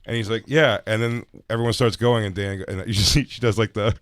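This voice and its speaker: Man, podcast co-host, smooth clear voice, swears, acts out quotes. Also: lowish voice, fairly even intonation, brisk, no room sound, studio quality. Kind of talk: casual chat.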